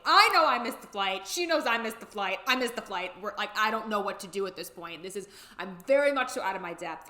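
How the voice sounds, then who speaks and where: A woman's voice: medium pitch, a bit bright. A young woman telling a candid, rambling, emotional travel story in a casual vlog. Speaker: vlogger. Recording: echoey room.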